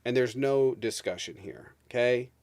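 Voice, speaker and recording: A man's voice: medium pitch, a little slow, darkish tone, no echo. A man in his thirties hosting a livestream, ranting emphatically about politics with heavy swearing. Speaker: streamer host. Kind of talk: heated political rant on a livestream.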